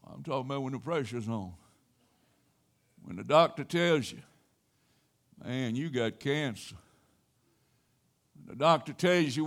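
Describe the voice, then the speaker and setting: An older man preaching a sermon, telling a personal story in a folksy way with sudden loud exclamations. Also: medium pitch, expressive, unhurried, long pauses. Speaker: pastor.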